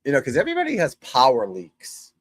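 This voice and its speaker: A man's voice: medium pitch, wildly swooping pitch, a little fast, husky, no echo, low-quality recording. Rambling, chatty golf instructor man. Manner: rambling, chatty, breaks off to talk to his dog. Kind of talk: casual live chat to viewers. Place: room at home.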